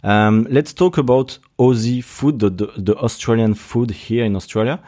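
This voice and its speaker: A young man with a French accent, speaking English as a second language in a casual monologue, halting and searching for words, often restarting and laughing at himself. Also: mid-range voice, mellow. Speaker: podcast host.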